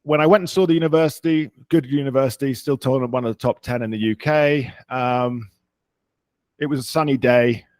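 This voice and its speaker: A man's voice: medium pitch, moderate pace, darkish tone, dry recording. A man from London with a British accent, a podcast host answering interview questions about his life in a self-deprecating, rambling way. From England.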